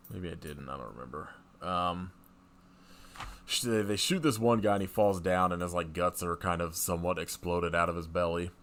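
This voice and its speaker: A man's voice: low voice, a bit bright, slight background noise. A man co-hosting a podcast, recapping a movie in a casual, wry, rambling way with lots of fillers. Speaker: podcast co-host.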